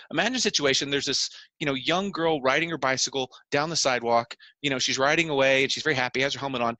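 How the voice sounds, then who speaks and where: A man's voice: fairly high pitch, pushed and bright, dry recording. A man on a podcast explaining his views earnestly, making his points through repeated phrases and everyday examples. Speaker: podcast co-host.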